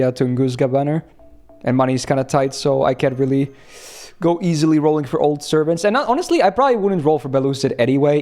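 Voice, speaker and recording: Young male streamer from Finland, relaxed rambling chat, medium voice. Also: medium pitch. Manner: relaxed, rambling, laughs often, answers chat. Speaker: game streamer.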